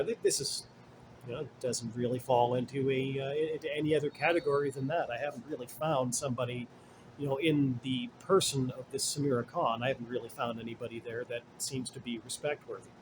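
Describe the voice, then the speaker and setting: A man's voice: medium pitch, slight background noise. A man in the middle of his range talks through a casual commentary monologue. He wanders off on tangents and stacks up asides, and his tone turns blunt and sarcastic, with the odd curse thrown in. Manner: rambling and digressive, many fillers and asides. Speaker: commentary host.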